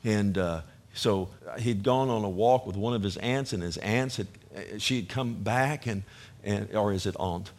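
A man with a Texan accent preaching a sermon with passion, moving from loud urging to quiet storytelling. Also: lowish voice, a little slow. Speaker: pastor.

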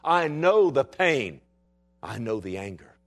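A man from Texas preaching a sermon to a church, swinging from loud, urgent passages to hushed, intense ones and acting out the voices he quotes. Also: medium pitch, big pitch swings, slow. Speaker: pastor.

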